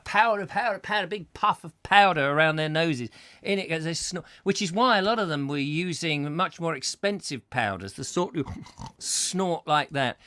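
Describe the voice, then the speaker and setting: A middle-aged man hosts a comedy chat show, drifting from one whimsical tangent to the next and padding his thoughts with fillers. His voice sits a little high for a man. The sound is dry and close, with no room echo. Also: fairly bright tone. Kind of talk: comic rambling monologue.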